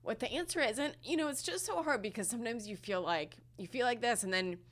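Emotional, halting mom podcaster. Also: female voice, on the high side, lively intonation, fairly bright tone. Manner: emotional, halting, full of fillers. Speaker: podcast co-host. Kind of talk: casual podcast chat.

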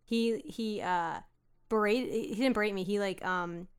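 Woman guest, chatty comedy podcast, tumbles into tangents; bright, clean tone. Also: medium pitch, smooth. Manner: fast, rambling storyteller who piles on details. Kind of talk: casual comedy podcast chat.

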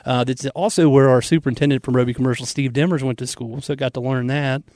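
A man's voice: mid-range voice, fairly even intonation, fast talker, a little mellow, dry recording, studio quality. A man with a Southern US accent co-hosting a radio show, easygoing and laughing often in casual banter.

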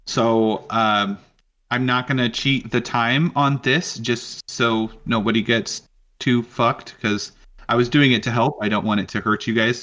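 A man narrating a tabletop game as game master in a relaxed way, with frequent ums. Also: fairly low pitch.

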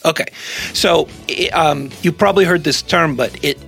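A man's voice: on the high side, moderate pace, creaky, fairly bright tone, soft background music. A man co-hosting a podcast, explaining things in casual chat and laughing often. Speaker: podcast co-host.

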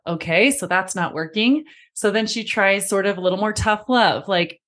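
A woman's voice: medium pitch, normal speed, hardly any pauses, fairly bright tone. A woman hosting a parenting podcast who speaks directly to her listener and calls them friend. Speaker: podcast host and parenting coach. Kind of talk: scripted podcast talk.

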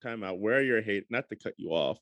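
A man's voice: lowish voice, animated, quick pace, fairly bright tone, no room sound, highs cut off. A man co-hosting a podcast, chatting casually and teasing his co-host. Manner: teasing, egging on. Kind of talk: casual chat.

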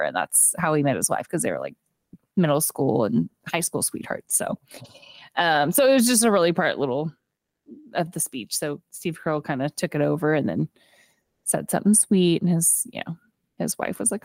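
Animated woman retelling a movie. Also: low-pitched, moderate pace, vocal fry, dry recording, studio quality. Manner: animated retelling, acting out characters' lines; frequent "like" fillers and laughter. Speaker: podcast co-host. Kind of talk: casual movie recap chat.

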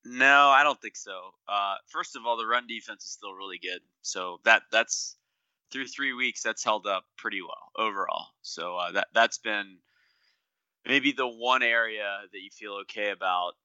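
A man's voice: on the low side, moderate pace, sharp tone, smooth, no room sound, highs cut off. A man co-hosting a podcast, chatting casually and laughing easily. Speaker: podcast co-host. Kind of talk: casual chat.

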